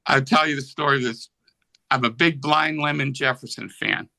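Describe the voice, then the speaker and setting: A man's voice: medium pitch, steady tone, normal speed, gravelly, bright, forceful tone, rough recording. A man in his seventies from Pennsylvania, a guest musician telling rambling anecdotes in a casual interview. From Pennsylvania, USA. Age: 70s. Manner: rambling anecdotes, acts out voices in quotes.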